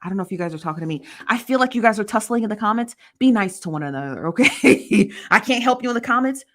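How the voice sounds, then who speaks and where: A woman's voice: medium pitch, lively intonation, fast talker. A woman hosting a casual live stream, reading viewer comments aloud and answering them. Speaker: host reading live chat.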